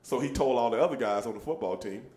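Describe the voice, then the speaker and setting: A man's voice: mid-range voice, quick pace, darkish tone. A man telling a story in casual chat, laughing and acting out the people he quotes. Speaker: show host telling a story.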